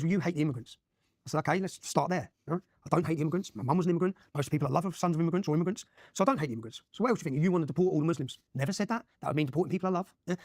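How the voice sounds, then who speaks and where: A man's voice: fairly high pitch, dry recording, studio quality. A man from Luton, telling his own story as an interview guest, emphatic and often checking in with "yeah?". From Luton, England. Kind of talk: animated personal storytelling.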